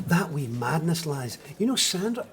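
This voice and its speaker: A middle-aged man with a fairly high, very animated voice. His delivery is theatrical and swings up and down as he confesses. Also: normal speed. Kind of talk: scripted sitcom dialogue.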